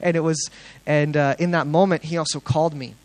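A young man sharing a testimony with a congregation, telling his story earnestly and excitedly, with plenty of fillers and restarts. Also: fairly high pitch, brisk, rough recording.

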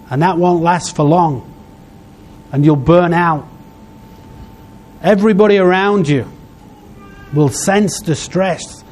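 A man preaching a sermon, heartfelt, in short phrases broken by pauses. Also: sits high, a little mellow, slight background noise.

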